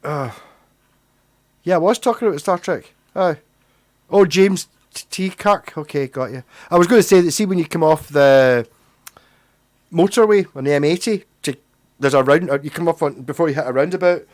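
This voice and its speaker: A man's voice: a little high, moderate pace, a little mellow, no room sound. A Scottish man hosting a livestream, chatting casually with viewers in a rambling, self-deprecating way, a bit tipsy. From Scotland. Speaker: livestream host. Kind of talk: casual chat with chat readers.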